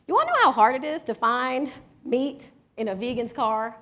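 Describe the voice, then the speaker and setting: A lively woman from Washington, D.C. teaches a breathwork workshop, talking straight to the crowd with an easy "y'all". Her voice sits a little high for a woman. She guides each breath step by step. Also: normal speed. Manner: lively, chatty, addresses the audience with "y'all". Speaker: workshop leader. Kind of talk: live workshop talk with a story.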